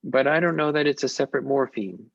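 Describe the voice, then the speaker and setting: A man speaking at a conference, answering questions in a measured, thoughtful way with frequent pauses and restarts. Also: mid-range voice, vocal fry, no echo, highs cut off. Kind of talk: academic Q&A on an online call.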